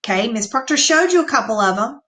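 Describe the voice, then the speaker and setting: A woman teacher giving an online reading lesson to young children, reading sentences aloud slowly and patiently. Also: on the high side, lively intonation, pushed and bright. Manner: slow, clear, patient read-aloud.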